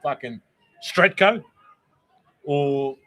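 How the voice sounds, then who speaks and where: A man's voice: fairly high pitch, expressive, extremely slow, a bit bright. A man hosting a casual chat on camera, blunt, swearing freely and getting worked up. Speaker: podcast host.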